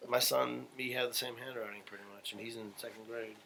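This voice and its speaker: A young man with a bright, forward voice jokes his way through loose podcast banter. He laughs easily and keeps dropping into silly put-on voices. His pitch sits in an ordinary middle range. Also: level tone, brisk, creaky, slight background noise, poor audio. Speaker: podcast host.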